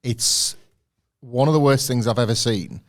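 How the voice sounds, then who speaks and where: A man's voice: mid-range voice, measured pace. Rambling man, casual podcast. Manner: rambling, animated storytelling. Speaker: podcast co-host. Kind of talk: casual chat.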